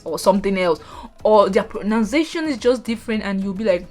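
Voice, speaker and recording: Nigerian woman vlogger, lower register, talks straight to camera over soft background music. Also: a little fast, hardly any pauses. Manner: chatty, animated asides to viewers. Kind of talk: casual talking-head vlog.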